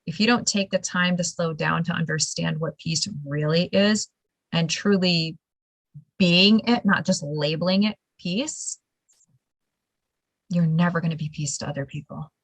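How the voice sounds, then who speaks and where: A woman hosting a casual interview, telling stories in an animated, emphatic way and laughing now and then. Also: fairly low pitch, unhurried, no room sound, poor audio. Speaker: show host.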